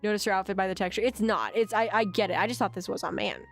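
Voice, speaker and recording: A woman's voice: medium pitch, fast talker, gravelly, faint music behind. A woman streamer chatting casually over a game, self-deprecating.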